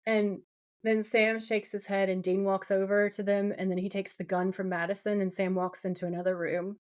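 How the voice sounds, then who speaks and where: This woman co-hosts a podcast and retells a TV episode in casual, animated chat packed with fillers. Her voice sits at medium pitch and moves at a moderate pace.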